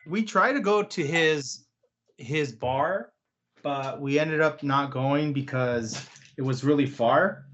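Slight background noise sits under this podcast co-host's fairly high, fairly bright voice as he takes his time. The young man chats in an easygoing way, filling his talk with many "um"s.

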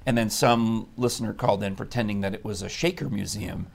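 A man hosting a live studio talk show in a chatty, animated, teasing way. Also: fairly low pitch, fairly quick, gravelly, a little hiss or hum. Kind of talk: casual live-stream chat.

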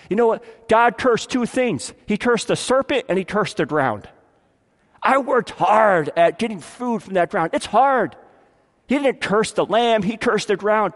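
A man preaching a sermon as pastor, acting out quotes and swinging between loud appeals and hushed lines. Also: sits high, normal speed, long reverb tail.

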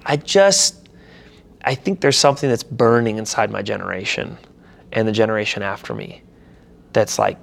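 A young man, a pastor and church founder, telling his story in a casual interview, animated and slangy, acting out his own reactions. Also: on the low side, moderate pace, vocal fry, long pauses.

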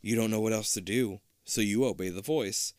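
A man reading a storybook aloud in a casual, animated way, tossing in jokey asides. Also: fairly low pitch, normal speed, smooth, no room sound, clean studio sound. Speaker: reader.

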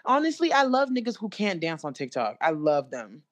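A young woman co-hosting a casual chat, talking in an animated, slangy and blunt way. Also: fairly low pitch, moderate pace. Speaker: co-host.

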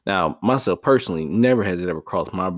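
A man hosting his own vlog in a profane, casual rant that swings between loud, high-pitched outbursts and low mutters. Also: animated, fast, no echo, studio quality. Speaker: vlog host. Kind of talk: casual ranting monologue.

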